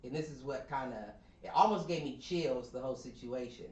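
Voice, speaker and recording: A man's voice: mid-range voice, fairly quick, echoey room. A man co-hosting a podcast, telling a story in casual chat and acting out the people in it. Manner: animated retelling, acts out quoted voices. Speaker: podcast co-host.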